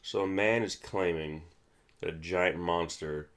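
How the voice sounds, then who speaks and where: Male commentary host with a deep, low voice, casual and rambling, full of restarts. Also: a little slow, a bit bright, clear, resonant tone. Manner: rambling, many restarts and fillers.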